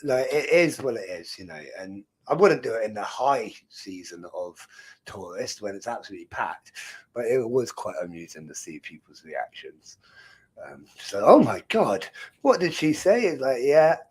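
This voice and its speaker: A man's voice: mid-range voice, husky. A man, hosting a casual live stream in a rambling, jokey way and laughing often. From England.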